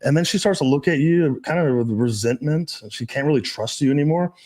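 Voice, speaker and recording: A man hosting a podcast in casual chat, telling stories in a crude, profane, animated way. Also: fairly high pitch, a little fast. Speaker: podcast host.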